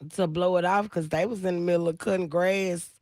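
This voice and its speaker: A woman's voice: on the low side, fairly even intonation, fairly quick, darkish tone, no room sound, clean studio sound. A woman, hosting a morning radio show in casual banter, laughing often and using plenty of slang.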